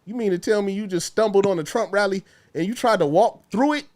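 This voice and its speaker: A man's voice: sits high, brisk, hardly any pauses. A man co-hosting a casual online talk show, joking and swearing freely as he argues. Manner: animated, joking, profanity-heavy, slips into mocking voices. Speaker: podcast co-host. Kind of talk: casual profane banter.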